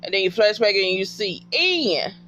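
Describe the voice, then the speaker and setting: A woman giving a casual TV episode recap in an animated, profane way and talking back to the characters. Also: medium pitch, normal speed.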